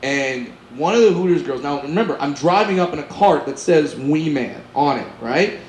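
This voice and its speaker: A man telling a stand-up story, animated and acting out characters with loud, high shouts. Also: normal speed. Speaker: stand-up comedian. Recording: echoey live venue with background noise.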